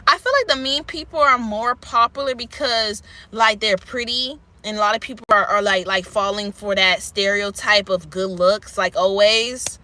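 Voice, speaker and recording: A woman's voice: mid-range voice, moderate pace, hardly any pauses, bright, forceful tone. A woman vlogger ranting candidly and rambling to camera, swearing freely. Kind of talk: unscripted rant to camera.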